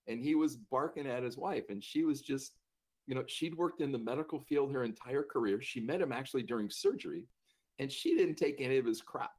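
A man recounts a personal memory conversationally, his voice mid-pitched and ordinary. He talks in a loose, self-deprecating way, with restarts and bursts of laughter along the way. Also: darkish tone. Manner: casual, self-deprecating, laughs through the telling. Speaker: speaker telling a personal story. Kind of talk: conversational storytelling.

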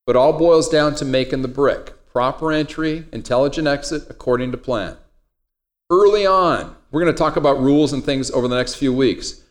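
A man's voice: mid-range voice, moderate pace. A middle-aged man teaching a trading class in a conversational, digressive way, wandering into personal stories. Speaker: trading instructor. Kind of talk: classroom lecture.

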